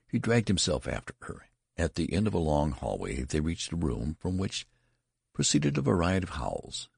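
A man narrating a literary story in an expressive, theatrical reading. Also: low voice, moderate pace, gravelly, slightly rough, dry recording, clean studio sound. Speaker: audiobook narrator.

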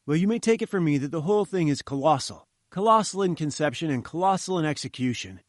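A man voicing an eager, cheerful young male journalist who talks briskly, in an audiobook reading. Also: fairly high pitch, animated, no room sound, clean studio sound, lightly acted. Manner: brisk and enthusiastic.

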